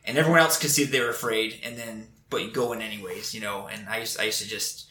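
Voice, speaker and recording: A man's voice: on the low side, fairly even intonation, fast, bright, forceful tone, roomy sound. A man in casual conversation, telling earnest stories about training recruits, with frequent restarts. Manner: earnest, storytelling, many restarts. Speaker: Air Force instructor.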